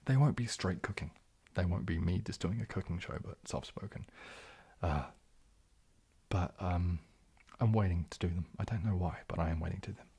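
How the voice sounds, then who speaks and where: A man with a New Zealand accent hosting an ASMR livestream, moving between whispers and soft speech, hesitant with many fillers. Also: deep voice, moderate pace, husky. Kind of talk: whispered, soft-spoken chat.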